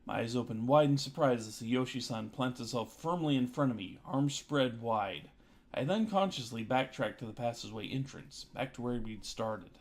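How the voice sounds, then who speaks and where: A man's voice: medium pitch, moderate pace. A man streaming, reading a visual novel aloud with dry joking asides, with music behind.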